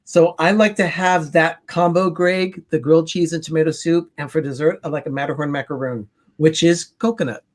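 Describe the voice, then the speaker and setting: A man's voice: fairly high pitch, steady tone, moderate pace, few pauses. A man co-hosting a casual livestream chat, reading out the list and viewer comments with an upbeat manner.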